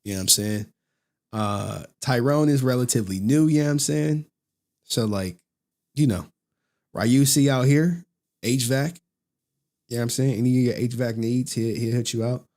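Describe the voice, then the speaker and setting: A man's voice: medium pitch, normal speed, long pauses, darkish tone. Laid-back, profane streamer guy. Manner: loose, profane, laughs often, slangy. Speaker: streamer and channel host. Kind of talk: casual livestream chat.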